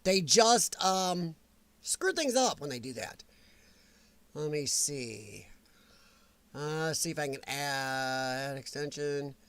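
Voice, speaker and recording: A man hosting a casual live-stream chat from his computer, rambling and grumbling about a software update. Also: fairly high pitch, dry recording.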